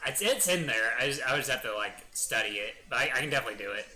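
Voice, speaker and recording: A man's voice: mid-range voice, lively intonation, rapid-fire, bright, forceful tone, rough recording. Playful young man chatting over gameplay. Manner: playful, rambling, trying out silly voices. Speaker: gaming YouTuber. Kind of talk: casual gameplay commentary.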